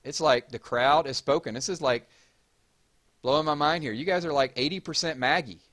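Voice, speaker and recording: A man with a fairly high-pitched voice and a Georgia Southern accent speaks at normal speed. He's hosting an easygoing livestream, chatty as he reads out comments and greets viewers with shout-outs.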